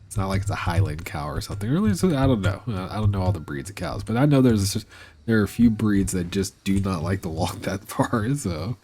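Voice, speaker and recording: Man, game streamer, live gameplay commentary, lively pitch swings, laughing and exasperated. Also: fairly quick, a little hiss or hum. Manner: talks to chat and to the game animals, laughing and exasperated.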